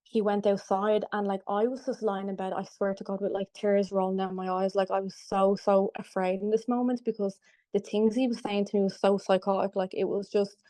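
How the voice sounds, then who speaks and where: Flat-voiced young woman, halting storyteller. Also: mid-range voice, no room sound. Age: young adult. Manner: halting retelling, full of "like" fillers and restarts. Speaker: podcast guest. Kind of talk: personal story in an interview.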